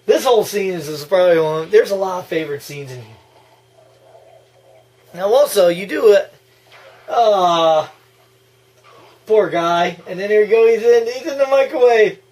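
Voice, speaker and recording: Excitable high-voiced man reacting to a movie. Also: normal speed, long pauses. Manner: excitable, gushing, bursts into laughs and yells. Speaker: movie commentary host. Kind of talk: casual movie reaction commentary.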